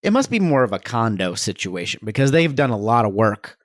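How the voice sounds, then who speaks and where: A man's voice: mid-range voice, sing-song, a little fast, no echo, studio quality. A man co-hosting a comedy podcast, chatting casually with laughs and casual swearing. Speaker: podcast co-host. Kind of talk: casual chat.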